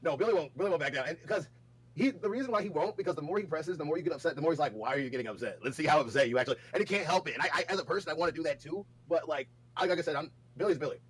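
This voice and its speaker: A man's voice: fairly high pitch, racing, husky. A man in casual stream chat, rambling with many restarts.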